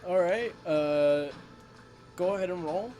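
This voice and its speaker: A woman narrating as game master of a tabletop game, casual and quick to swear at bad rolls. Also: fairly low pitch, dark tone, faint music behind. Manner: casual, swears when dice go badly.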